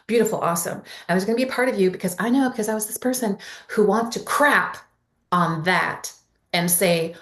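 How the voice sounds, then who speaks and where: A woman's voice: medium pitch, brisk, fairly bright tone, roomy sound. A woman speaking earnestly and encouragingly in a casual spiritual discussion, with emphatic asides. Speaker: channel, co-host.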